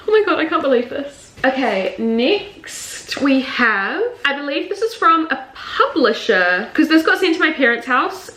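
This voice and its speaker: A woman in her twenties, a book vlogger, chatting casually and gushing excitedly as she unboxes, with lots of fillers. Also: fairly high pitch, slight background noise. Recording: echoey room.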